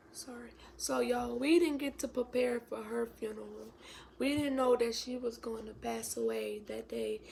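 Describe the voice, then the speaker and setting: Tearful young woman with a gravelly voice. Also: a little high, a little mellow, a little hiss or hum. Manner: emotional, tearful, drops to a whisper. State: close to crying. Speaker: vlogger. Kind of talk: storytime vlog.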